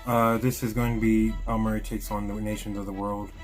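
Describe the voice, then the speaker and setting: Man from the US, reaction host, lowish voice, music bed behind. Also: level tone, brisk. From United States. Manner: hesitant, apologetic, many fillers. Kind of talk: casual reaction commentary.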